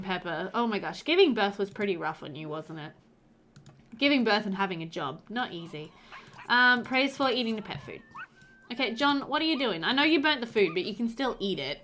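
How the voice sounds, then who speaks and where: A woman's voice: mid-range voice, lively intonation, normal speed, fairly bright tone, a little hiss or hum. A young woman casually commenting on her life-sim gameplay, chatty and doting, cooing over the pets with frequent laughter. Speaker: let's play host.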